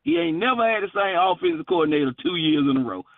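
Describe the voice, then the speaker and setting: Emphatic man, high lively voice, phone-line caller. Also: quick pace, no echo. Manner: emphatic, folksy, repeats his points. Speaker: regular sports caller. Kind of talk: animated sports talk. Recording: dry, tinny phone line.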